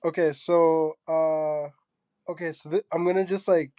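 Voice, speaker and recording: A young man from Zambia, a guest artist, talking casually in an interview with a soft, halting manner full of fillers. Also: on the high side, fairly even intonation, no echo.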